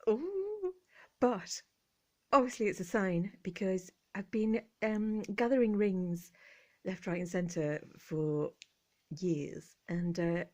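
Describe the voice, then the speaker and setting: A woman's voice: medium pitch, darkish tone. Giggly English woman chatting at home. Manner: giggly, jokey and self-mocking. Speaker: vintage collector vlogger. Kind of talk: relaxed chatty vlog. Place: cosy room at home, indoors.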